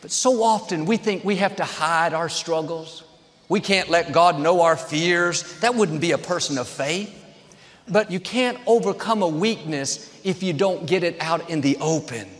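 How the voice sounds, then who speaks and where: A high-pitched male pastor delivers a sermon in short, repeated phrases that build toward each point. His voice rings out with a long reverb, as if filling a large hall. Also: unhurried.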